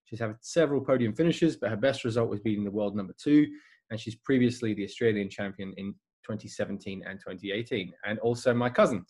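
A man's voice: lowish voice, fast, darkish tone, slightly rough. A man hosting a podcast interview, upbeat in manner. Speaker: podcast host.

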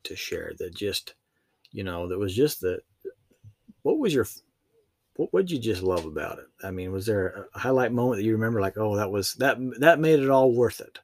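A man's voice: on the low side, lively intonation, a little mellow, dry recording. A man hosting a casual interview show, asking questions with many fillers and reading a sponsor thanks. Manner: friendly, halting questions with fillers. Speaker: podcast host.

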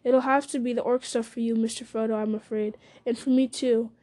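A woman's voice: fairly high pitch, little pitch movement, a little fast, warm tone, close to an everyday voice. A woman reading the part of a loyal, earnest male hobbit servant who talks plainly and deferentially. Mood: practical. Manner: plain-spoken, homely, deferential.

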